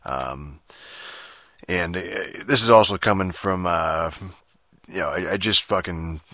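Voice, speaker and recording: A man's voice: deep voice, measured pace, pushed and bright, no echo, studio quality. A man hosting a solo podcast, rambling in a profane, casual rant full of restarts and fillers. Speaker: podcast host.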